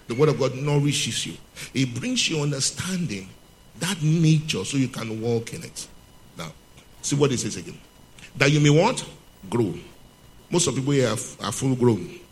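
Male preacher, mid-pitched, teaching sermon full of rhetorical questions and repeated lines. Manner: repeats key points for emphasis; reads scripture slowly and emphatically.

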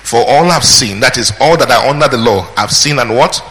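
Male preacher, bright tone, teaching verse by verse, quizzing his flock, church-hall reverb. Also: medium pitch, a little fast. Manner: questioning the congregation, call and response. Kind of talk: sermon, verse-by-verse Bible teaching. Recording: hall reverb, faint ambience.

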